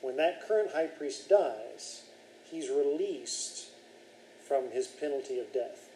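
A man's voice: mid-range voice, animated, slow, dark tone, echoey room, a little hiss or hum, rough recording. A man leading a Bible study class, reading scripture aloud and then explaining it and questioning his students.

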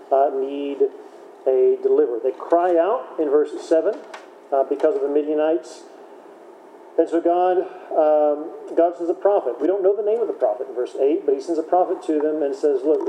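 Leading a Bible study class, a man with a fairly high, dark-toned voice talks in a casual, chatty way, now and then correcting himself with light laughs. The room is echoey, with faint background noise.

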